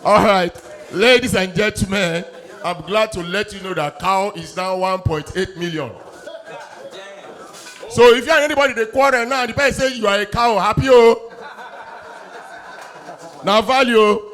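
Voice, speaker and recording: A man with a Nigerian Pidgin accent doing an animated stand-up set, acting out his bits loudly. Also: high-pitched, normal speed, long pauses. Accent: Nigerian Pidgin English. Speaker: stand-up comedian.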